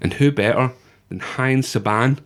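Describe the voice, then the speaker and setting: A man's voice: medium pitch, measured pace. A man, co-hosting a podcast and reading out facts in a playful, mock-dramatic way. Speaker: podcast co-host. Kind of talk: casual chat, reading out facts.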